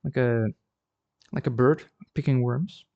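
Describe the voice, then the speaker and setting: A man's voice: mid-range voice, fairly even intonation, a little slow, vocal fry, a little mellow, dull audio. A chatty man from the Netherlands, talking casually on a live stream from his art studio and often repeating words as he thinks. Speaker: ceramic artist streaming live. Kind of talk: casual livestream chat.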